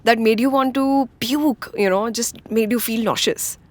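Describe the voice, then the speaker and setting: A woman hosting a casual chat, asking brisk, upbeat questions. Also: a little high. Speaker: host.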